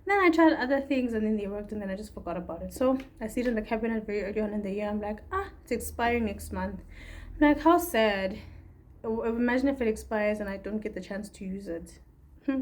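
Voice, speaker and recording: A woman's voice: medium pitch, darkish tone, slight background noise. A young woman from Africa, talking through a candid, rambling personal video diary. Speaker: vlogger.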